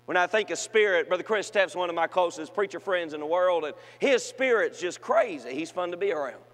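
A man preaching to young people, telling funny stories and swinging from shouted peaks to quiet asides. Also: sits high, animated, brisk. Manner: humorous storytelling with shouted climaxes and quiet asides. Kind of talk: sermon to a youth gathering. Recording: long hall reverb.

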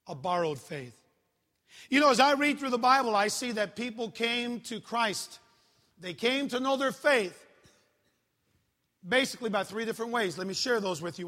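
Man preaching, high voice, joking, echoing church hall, middle-aged youth pastor. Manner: animated, joking storyteller. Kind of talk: sermon. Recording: long hall reverb.

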